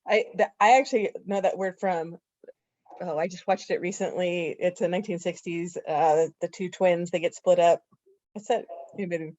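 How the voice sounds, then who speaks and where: A woman's voice: on the low side, steady tone, moderate pace, a little mellow, no echo. A woman leading a club meeting over a video call, upbeat and rambling, laughing between remarks. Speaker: meeting host leading table topics. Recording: dry, dull lo-fi call audio.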